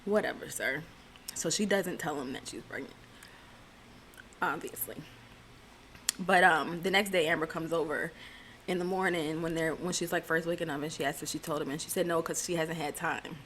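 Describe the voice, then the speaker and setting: A woman talks through a reality show episode in a loose, chatty recap, tossing in dry, sarcastic remarks along the way. Her voice sits a little low for a woman. Faint background noise hums under her voice. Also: moderate pace, pauses often, fairly bright tone. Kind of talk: casual recap chat.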